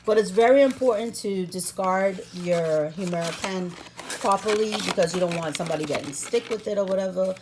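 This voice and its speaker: A vlogger walks through a how-to video in a playful, sassy, chatty manner, filming herself at home with the camera on a stand. Her voice sits mid-range and moves a little fast, with background noise audible.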